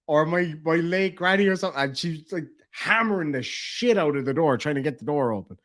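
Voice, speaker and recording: With a briskly paced, slightly bright voice on the high side and lively intonation, an Irish streamer reacts to a livestream. He swears freely in casual storytelling and laughs through his own stories.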